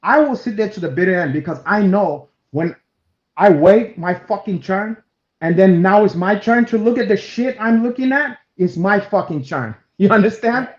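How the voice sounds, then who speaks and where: A man co-hosting a chat over a video call, telling an animated story with heavy swearing, restarts and loud acted-out quotes. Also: sits high, normal speed. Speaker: co-host. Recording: roomy, dull lo-fi stream audio.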